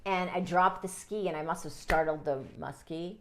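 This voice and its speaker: Low-voiced woman telling vivid stories. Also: moderate pace. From United States, Midwest. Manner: animated, dramatic storytelling that swings between loud exclamations and hushed tones. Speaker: guest. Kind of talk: casual interview storytelling. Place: a home.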